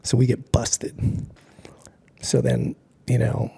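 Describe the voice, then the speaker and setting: Gravelly, husky man in his sixties. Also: mid-range voice, completely flat delivery, slow, dark tone. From Hawaii. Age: 60s. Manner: laid-back, rambling, heavy use of filler "like"; acts out other people's lines in raised voices. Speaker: interview guest. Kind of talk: casual storytelling.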